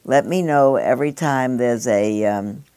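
A woman's voice: rumbling low, unhurried, mellow, clear, resonant tone. An older woman giving a reflective spoken address to a gathering, rambling and digressive, with conversational asides.

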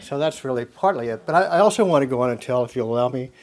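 Guy telling a story to a group, halting, keeps restarting sentences, soft little laughs, thinking out loud. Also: medium pitch, expressive. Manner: halting and self-correcting, with frequent soft laughs; musing and conversational. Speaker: speaker sharing a personal story with a group. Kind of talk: reflective spoken talk with anecdote.

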